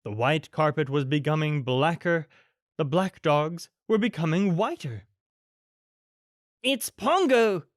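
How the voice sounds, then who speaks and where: A man narrating a children's bedtime audiobook in a gentle, expressive storytelling manner. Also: fairly high pitch, unhurried, dry recording, studio quality.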